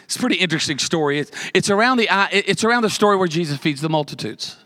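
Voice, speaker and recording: A man's voice: sits high, lively intonation, racing, sharp tone. A man preaching a sermon as pastor, telling a story with humor and building repeated emphatic lists.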